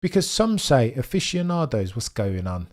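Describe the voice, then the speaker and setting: In a sing-song, mid-range voice that's a little mellow, a man with a mild Brummie accent from the Birmingham area of England hosts a casual live watchalong at a moderate pace. As host, he chats with viewers, reads their comments aloud, and offers wry asides.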